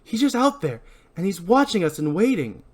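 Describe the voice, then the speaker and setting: A man reading out the lines of an angry, paranoid young man in a loud, strained, raised voice. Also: big pitch swings, moderate pace. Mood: angry shouting. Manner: shouting, accusing, high-pitched strain.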